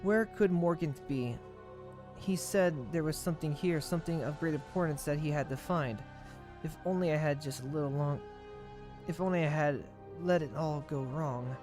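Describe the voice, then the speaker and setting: A man reading the lines of a frail, sickly girl full of regret, softly and haltingly. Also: a little high, close to an everyday voice. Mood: sorrowful. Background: faint game music.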